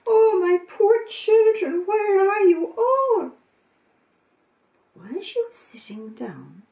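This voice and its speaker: A woman reads a children's story with a lively, sing-song delivery and dramatic pauses. She speaks slowly in a fairly high voice. The sound is roomy and set back from the mic. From Ireland. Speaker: storyteller, volunteer. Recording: roomy, from a distance.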